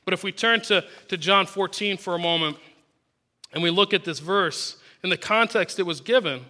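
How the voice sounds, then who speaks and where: High, bright-voiced male preacher. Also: moderate pace. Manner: earnest, reads verses aloud and explains them. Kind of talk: sermon with scripture reading.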